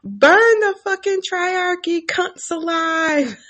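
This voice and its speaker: A woman's voice: very high-pitched, lively intonation, slow, fairly bright tone, voice pushed up, exaggerated voice. A woman voicing a wounded male soldier who screams curses and pleas while he is tortured, in a video recap. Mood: screaming.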